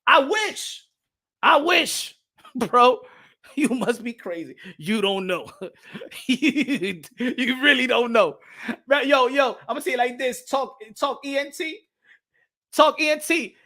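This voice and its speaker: Animated laughing man hosting a livestream. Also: very high voice, takes it slowly. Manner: animated, repeats himself, laughs often, slips into Spanish. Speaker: boxing channel host. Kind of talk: casual livestream chat.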